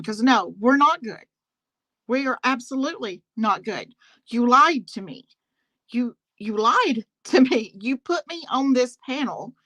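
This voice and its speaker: A woman rants through a story on a talk panel, indignant and quick to laugh as she speaks to the host. Her voice is bright and forceful, set a little higher than most women's, and the recording is dry and close. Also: no echo, rough recording. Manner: indignant, laughs often, addresses the host directly. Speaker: guest on a live talk panel. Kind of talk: casual storytelling rant.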